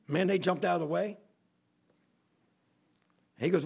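A middle-aged pastor preaching to his congregation through a long, rambling personal story. His voice is gravelly and a little husky, sitting somewhat high for a man. He talks in a plain, folksy way, with loose asides as the story goes along. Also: expressive, normal speed, pauses often, darkish tone. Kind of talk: sermon storytelling.

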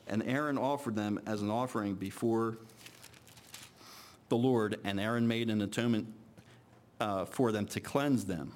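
A man with a fairly low voice preaches to a congregation. He reads old scripture at a deliberate pace, then slips into loose, everyday talk full of small restarts. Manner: reads scripture slowly, then talks casually with repeated restarts. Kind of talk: scripture reading and sermon.

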